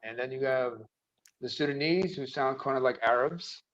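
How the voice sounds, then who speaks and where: A man's voice: medium pitch, normal speed, fairly bright tone. A man from the Horn of Africa region, a panel guest telling stories in casual chat and swearing freely. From Eritrea or Ethiopia region. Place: living in Scandinavia. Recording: dull lo-fi audio.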